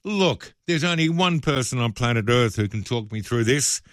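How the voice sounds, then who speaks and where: A man's voice: mid-range voice, lively intonation, moderate pace, fairly bright tone, no echo. A man with an Australian accent hosting a casual talkback radio show, chatty and self-deprecating, with loose asides, speaking into a studio microphone. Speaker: radio host.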